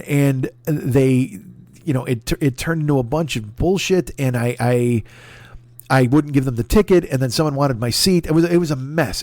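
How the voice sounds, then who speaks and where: This forties-aged man hosts a podcast and tells a personal story alone, rambling, swearing, poking fun at himself and restarting often. His voice sits a little high and a little mellow, captured dry.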